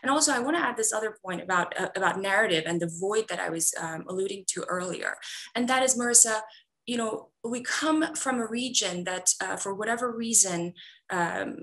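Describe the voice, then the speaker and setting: A woman's voice: mid-range voice, fairly quick, fairly bright tone, low-quality recording. A woman who grew up in Iran, an author answering interview questions earnestly, with many fillers and restarts. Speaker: author guest.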